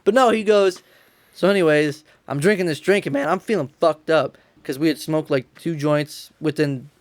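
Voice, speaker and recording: A man's voice: a little high, normal speed, no room sound. A young man co-hosting a podcast, telling a rambling, profane story and laughing as he goes. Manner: profane, laughs a lot while telling stories. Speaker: podcast co-host. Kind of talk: casual storytelling.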